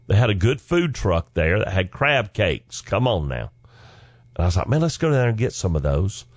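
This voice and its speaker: A man's voice: lowish voice, sing-song, moderate pace, no echo. A middle-aged man, a comedian and former pastor, telling stories in a folksy, joking way with asides to the listener. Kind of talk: storytelling talk.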